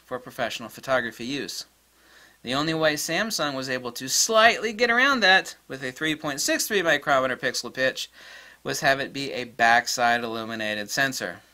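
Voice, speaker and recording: A man's voice: fairly high pitch, pushed and bright. A middle-aged man hosting a photography channel, talking bluntly and emphatically, repeating key points as he rants. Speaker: photography video host. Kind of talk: emphatic solo tech rant.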